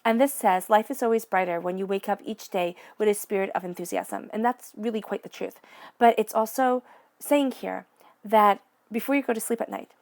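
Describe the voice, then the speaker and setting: A woman giving an encouraging psychic tarot reading in a gentle, spiritual way of speaking. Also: medium pitch, moderate pace. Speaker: tarot reader.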